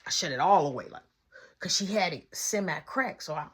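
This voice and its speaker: A young woman telling a story in casual storytime style, acting out the voices and shifting between loud and hushed. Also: fairly low pitch, expressive, brisk, breathy edge.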